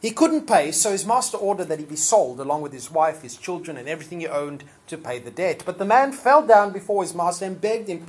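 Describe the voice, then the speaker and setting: A preacher giving a sermon in a relaxed, conversational way with fillers, now and then acting out the people quoted. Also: mid-range voice, fairly quick, few pauses.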